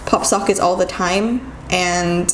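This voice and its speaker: A young-sounding woman tells a story to camera in a casual vlog. She talks fast and animatedly, full of "like" fillers. The room is echoey, with a faint hum of ambient noise behind her. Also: on the low side, steady tone, fairly bright tone. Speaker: vlogger.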